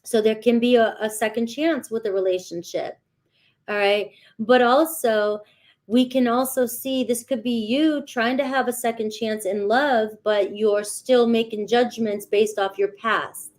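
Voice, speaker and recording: A woman's voice: on the high side, steady tone, measured pace, darkish tone. A woman doing a casual tarot reading, chatty and talking straight to her viewers, often checking in with "all right.". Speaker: tarot reader.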